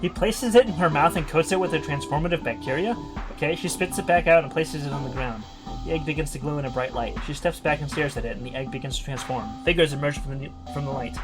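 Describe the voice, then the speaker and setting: A man's voice: fairly high pitch, quick pace, music in the background. A man streaming, reading a text adventure aloud and reacting live, laughing often and swearing in surprise.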